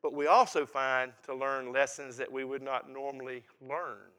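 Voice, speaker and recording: An older man preaching a sermon in a folksy, emphatic way, swinging between quiet reflection and loud, laughing energy. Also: medium pitch, steady tone, moderate pace, clean tone.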